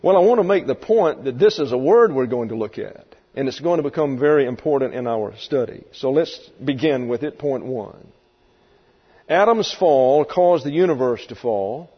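Husky male Bible teacher, echoing hall. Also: mid-range voice, expressive. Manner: halting, restarts, folksy asides. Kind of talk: verse-by-verse Bible lesson. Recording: dull lo-fi recording in a reverberant hall.

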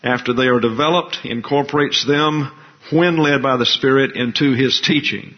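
Deliberate man teaching a Bible class. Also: mid-range voice. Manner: deliberate, explains Greek terms slowly. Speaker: pastor teacher. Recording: dull lo-fi recording.

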